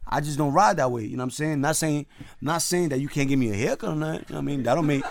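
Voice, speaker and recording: A man hosting a casual show, ranting loudly with heavy slang and swearing. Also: a little high, racing, vocal fry, slight background noise. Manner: loud, animated, swearing, street slang. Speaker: host. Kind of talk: casual profane rant.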